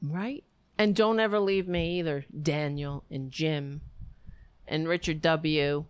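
A woman's voice: deep voice, steady tone, takes it slowly, clear, resonant tone, no echo. A woman hosting a livestream, rambling and venting affectionately to her viewers as she signs off. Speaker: livestream host. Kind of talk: casual stream sign-off chat.

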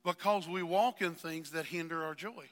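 A man preaching a fervent sermon as pastor, calling on members of the congregation by name and building up to shouting, recorded in a church. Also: on the high side, moderate pace. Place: church sanctuary. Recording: long church hall reverb.

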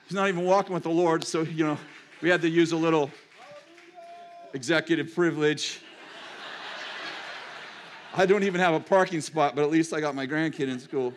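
A man's voice: fairly high pitch, moderate pace, pauses often, a little hiss or hum. An older man, a pastor and grandfather, preaching a sermon in a chatty, digressive storytelling manner.

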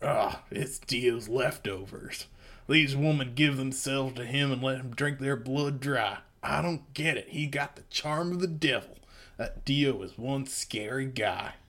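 A man doing a cocky but jittery cowboy gunman who grumbles and cusses in a lazy drawl. The voice sits at an ordinary middle pitch, as a comic-reading bit on a casual show. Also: a little slow, fairly bright tone. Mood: grumbling.

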